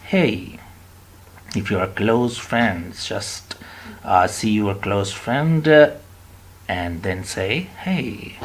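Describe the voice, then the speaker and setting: Slow Pakistani English teacher modeling words. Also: male voice, on the low side. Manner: slow, deliberate, repeats and models words with exaggerated stress. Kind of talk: online spoken English lesson.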